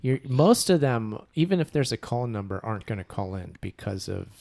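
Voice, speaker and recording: A man co-hosting a casual podcast, explaining things at an easygoing, drawn-out pace. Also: on the low side, very animated, vocal fry, a little mellow. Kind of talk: casual chat.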